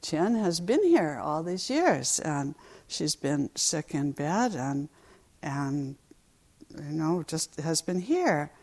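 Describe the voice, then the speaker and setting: A woman voicing a bewildered but loving old father in a told folk tale, in her own low, creaky voice. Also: sing-song, slow, a little mellow, exaggerated voice. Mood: puzzled.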